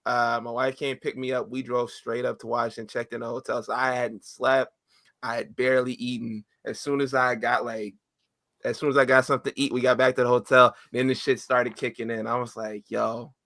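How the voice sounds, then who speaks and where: A young man with a bright, forceful voice tells stories on a podcast. He gets excitable, acting out his past reactions in casual chat. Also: medium pitch, brisk, gravelly. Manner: excitable storyteller. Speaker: podcast co-host. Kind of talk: casual storytelling.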